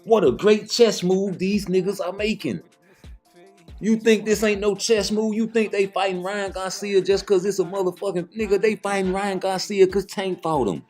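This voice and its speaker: A man's voice: sits high, fairly even intonation, normal speed, a little mellow, soft background music. A man giving heated, profane boxing commentary in a casual rant, blunt and repeating points for emphasis.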